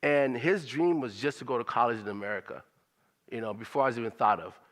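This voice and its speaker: A man putting on his father's voice, an earnest older immigrant, speaking slowly and patiently. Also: medium pitch, a bit bright, lightly acted. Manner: slow, patient, repeating his saying.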